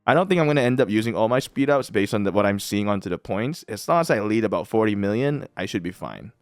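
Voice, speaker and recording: A man's voice: lowish voice, animated, quick pace, clear, resonant tone, dry recording, clean studio sound. Chatty man narrating his mobile game. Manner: chatty, laughs often, repeats himself. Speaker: gaming channel host. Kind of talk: casual game commentary.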